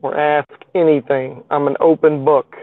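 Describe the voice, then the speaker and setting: A man's voice: fairly high pitch, little pitch movement, normal speed, no room sound. A man hosting a casual live stream show from his parked car, talking in a loose, rambling way with lots of fillers and folksy phrasing. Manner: rambling, with many fillers and plain folksy speech. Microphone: phone. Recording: tinny, phone-like, dry sound.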